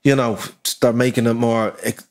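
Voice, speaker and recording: Dublin working-class accent, mid pitch, lively and profane, easy podcast chatter. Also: male voice, normal speed. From Ireland. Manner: animated, swears freely, slips into impressions of others. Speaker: guest rapper. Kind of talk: casual podcast chat.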